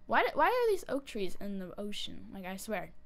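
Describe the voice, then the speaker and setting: A woman commentates casually on a game as she plays, chatty and excitable, letting out panicky squeals and repeated pleas whenever things go wrong. Her voice sits in the mid range at a moderate pace.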